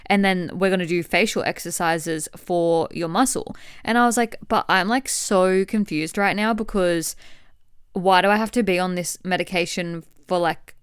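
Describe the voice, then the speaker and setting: A young woman in her twenties talks casually on her solo podcast. Her voice is smooth and clear, with a dry, close sound and no room echo. She swears freely and acts out conversations as she tells them. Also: on the low side, normal speed. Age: 20s. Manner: chatty, swearing, animated retelling with quoted dialogue. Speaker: podcast host. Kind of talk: candid solo podcast chat.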